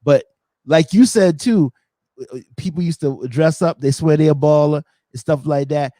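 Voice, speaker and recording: A man hosting a podcast in casual chat, telling funny stories with animated energy and acting out quotes. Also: fairly high pitch, moderate pace, no room sound. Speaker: podcast host.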